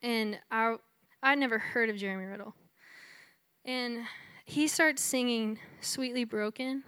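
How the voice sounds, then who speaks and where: Woman from texas chatting through her testimony, smooth clear voice, a bit high, dry close sound. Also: a little slow, fairly bright tone, dry recording. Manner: chatty storytelling, full of "like" and "you know". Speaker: speaker sharing her testimony. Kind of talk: conversational testimony sermon.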